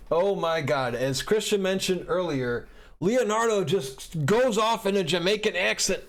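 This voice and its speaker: High-voiced laughing podcast host, a man. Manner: animated, laughing, asks questions. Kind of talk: casual podcast chat. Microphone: podcast microphone, audio only.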